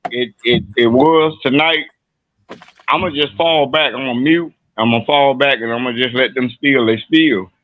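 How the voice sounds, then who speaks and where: A man's voice: medium pitch, no echo. Man on a tinny phone line. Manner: rambling, repeats "you know what I'm saying". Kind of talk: casual live-stream talk.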